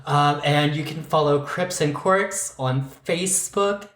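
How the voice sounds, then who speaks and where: A man's voice: a little high, a little slow, fairly bright tone. A man from Pittsburgh co-hosting a podcast, joking in a casual, sassy way with slang. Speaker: podcast co-host. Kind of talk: casual chat. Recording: echoey room.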